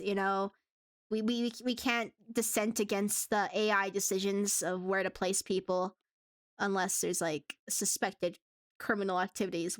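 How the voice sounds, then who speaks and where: A woman's voice: mid-range voice, bright, forceful tone, smooth, no room sound, studio quality. A woman streaming live in casual chat, giggling often and rambling with restarts.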